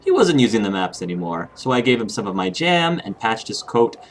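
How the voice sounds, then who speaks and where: A man voicing a doting mother's letter to her daughter, read slowly and tenderly. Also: fairly low pitch, very animated, a little hiss or hum. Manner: slow, tender letter reading.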